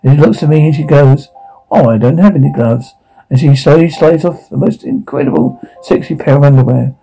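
An awkward, bashful young man, played by an actor, tells a rambling story and keeps cutting himself off to restart. His voice is husky and gravelly, with a dark, mellow tone. The delivery is natural, like a scene from a film. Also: on the high side, fairly quick, soft background music, rough recording. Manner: rambling, self-interrupting. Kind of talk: naturalistic screen acting.

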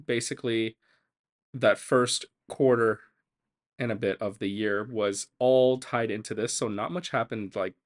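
A man's voice: fairly low pitch, fairly even intonation, measured pace. A young man hosting his podcast, telling stories casually with a teasing, joking manner. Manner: joking, teasing, loose storytelling. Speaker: podcast host.

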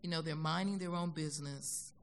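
An older American woman telling stories as a guest in an onstage conversation, animated and acting out the voices she quotes. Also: low voice, brisk, a little hiss or hum. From United States. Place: concert hall stage.

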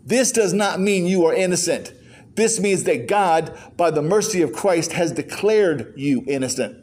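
Brief: older male pastor, high-pitched, emphatic sermon delivery, rhetorical questions, quick joking asides. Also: lively intonation, a little mellow.

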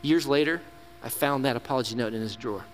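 A man's voice: mid-range voice, quick pace. A middle-aged man giving a sermon as a camp ministry director, telling stories and acting out the quotes. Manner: storytelling, animated, acts out quotes. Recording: long hall reverb with faint hum.

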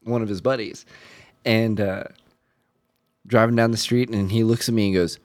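A man's voice: on the low side, steady tone, moderate pace, a little mellow. A man from New Mexico telling a long story in casual podcast chat, with lots of filler words.

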